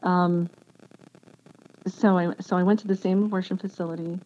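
Low-voiced woman telling her story haltingly. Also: little pitch movement, a little mellow. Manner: halting, with many restarts and fillers; earnest and emotional. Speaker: interview guest. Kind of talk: personal testimony in conversation. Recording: dull lo-fi sound with faint background noise.

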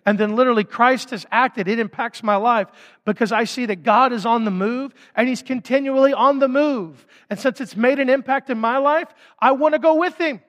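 A man preaching a sermon as pastor, casual and conversational with quick asides. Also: extremely high pitch, a bit bright, in a large hall.

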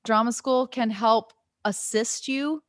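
Chatty actress over a dry video call. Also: female voice, fairly high pitch, dry recording. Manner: animated storyteller, quick and chatty. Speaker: actress and guest.

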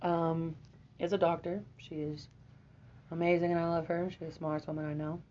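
A woman in her twenties, a podcast guest, telling a personal story in a lively, profane way and often laughing. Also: fairly low pitch, normal speed, slight background noise. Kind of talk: casual storytelling. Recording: dull lo-fi audio.

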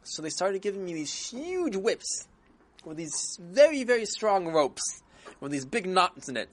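A storyteller narrates a children's story in a casual, animated way, often restarting phrases. The pitch moves lively throughout, keeping young listeners engaged. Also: unhurried.

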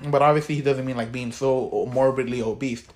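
A man's voice: mid-range voice, steady tone, brisk. Teen male co-host, casual profane rant, rambling delivery. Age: teens. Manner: profane, rambling, gets worked up. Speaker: podcast co-host. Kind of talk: casual chat.

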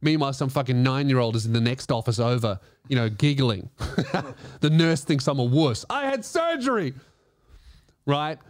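A man's voice: medium pitch, normal speed, a little mellow, dry recording, studio quality. An Australian man hosting a comedy podcast, telling stories casually, swearing often and laughing through them. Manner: profane, laughing through his own stories.

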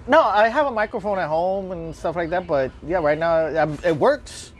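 A man's voice: high-pitched, normal speed. A man recording a casual podcast while at work in a deli, laughing often and swearing casually. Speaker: podcast host recording at his deli job.

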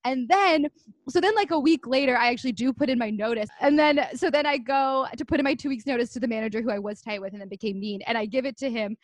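A woman telling a story in casual chat, animated, with many fillers and frequent laughter. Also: on the high side, fast talker, no echo.

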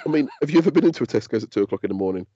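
A man's voice: medium pitch, racing, lo-fi sound. A man, co-hosting a podcast in casual chat and telling stories with lots of swearing. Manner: sweary, animated storytelling. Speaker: podcast co-host.

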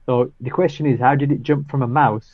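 A man's voice: mid-range voice, steady tone, a little fast, dry recording. Man, casual co-host chat, dry jokes, muffled dull audio, dead dry sound.

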